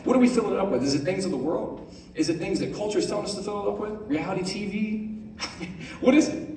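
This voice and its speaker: A young man giving a casual, conversational sermon to a youth group, often asking "right?" and reading scripture out slowly. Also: sits high, dark tone, a little hiss or hum. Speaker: youth pastor. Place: large room on stage. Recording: echoey room, voice from far off.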